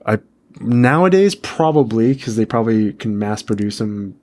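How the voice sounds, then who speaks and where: A man's voice: lowish voice, lively intonation, moderate pace, a little mellow. A man who is a guest on a podcast, in casual chat, mostly giving short agreeing replies and quips.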